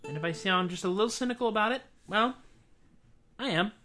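A man's voice: high voice, fairly quick, over loud music. A man hosting his own casual livestream show, chatting wryly and self-deprecatingly on a webcam between songs. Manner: wry, self-deprecating, rambling. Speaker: singer-songwriter host. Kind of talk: casual solo livestream chat.

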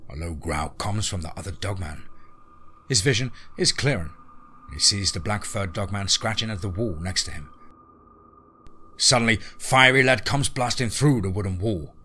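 A man's voice: on the low side, lively intonation, moderate pace, pushed and bright, slight background noise. A man narrating a scripted horror story in a dramatic, tense present-tense reading.

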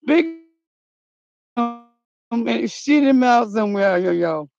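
A woman's voice: fairly high pitch, a little slow, vocal fry, long pauses, dry recording, highs cut off. A woman hosting a comedic outdoor vlog in the cold, fretting aloud and calling out for her missing dog. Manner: excitable, frets aloud, calls out a dog's name. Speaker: channel host.

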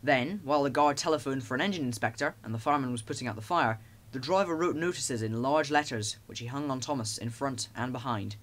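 A man narrating a children's storybook in a lively, expressive way. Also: medium pitch, fast, few pauses. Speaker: audiobook narrator.

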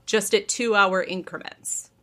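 A woman's voice: medium pitch, a little slow. A woman hosting a podcast, telling a gossip story in a casual way, acting out the people in it and laughing often. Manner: animated storyteller, acts out quotes, laughs often. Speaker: podcast host.

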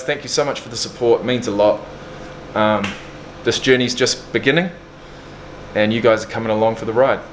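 A thirty-year-old vlogger with a mid-range voice talks bluntly and candidly in a casual video diary, swearing freely. He's indoors in a furnished flat, and a little hiss or hum is audible.

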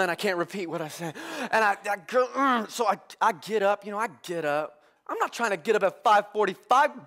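Young male pastor, high voice, animated comic delivery. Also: fairly quick. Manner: animated comic storytelling with congregation call-outs. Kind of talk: humorous sermon. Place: church service with live congregation.

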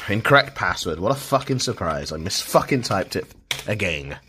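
A man's voice: sits low, very animated, moderate pace, pushed and bright, a little hiss or hum. A man livestreaming, ranting in exasperation about his internet, swearing constantly and repeating himself. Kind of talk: frustrated livestream rant.

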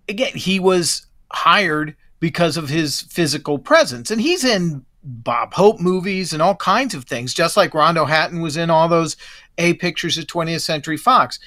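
A man's voice: on the high side, sharp tone. A man chatting as a guest on a podcast. He rambles a little, restarting his sentences and letting them trail off. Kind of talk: casual chat.

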